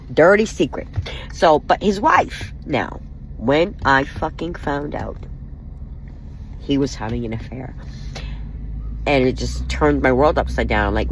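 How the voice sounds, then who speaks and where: A woman's voice: extremely low pitch, a little hiss or hum, rough recording. A woman venting in an angry, wounded and profane way, speaking straight to the camera about personal hurt. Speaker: vlogger. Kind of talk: emotional personal vent.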